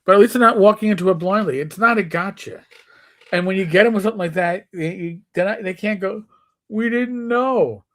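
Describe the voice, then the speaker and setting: New York man telling animated stories. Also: high-pitched, quick pace. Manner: storytelling, acts out quoted players with shifting voice. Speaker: co-host. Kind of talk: casual live-stream chat.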